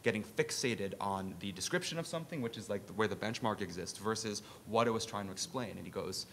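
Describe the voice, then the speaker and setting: A low-pitched man speaking on a conference panel. He drives his argument with pointed rhetorical questions. Faint rumble sits under his voice. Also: a little fast, fairly bright tone. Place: conference session room.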